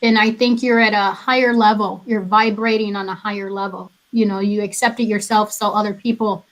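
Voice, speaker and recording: A woman's voice: medium pitch, fairly even intonation, fairly quick, poor audio. A woman guest on a casual podcast who sounds upbeat and laughs often.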